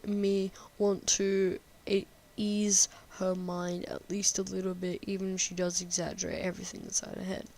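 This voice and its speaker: A woman's voice: mid-range voice, a little mellow, a little hiss or hum. A woman giving casual, sarcastic gameplay commentary and reading game text aloud, swearing freely. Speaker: game streamer.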